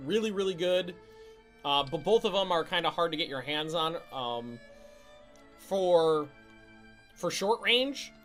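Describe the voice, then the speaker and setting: A fairly high, bright and forceful male voice running commentary over a live strategy game stream. He stumbles and restarts his sentences and swears casually. He shouts orders at his units, and faint music plays underneath. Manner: barks quick orders to units, voice jumps up when alarmed.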